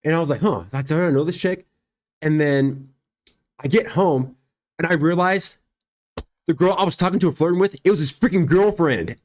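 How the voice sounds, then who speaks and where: A man's voice: fairly high pitch, normal speed, pauses often. A young man hosting a livestream, casually telling a story and acting out the dialogue with frequent laughs. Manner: animated, acts out quoted dialogue, laughs often. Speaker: livestream host and fighter.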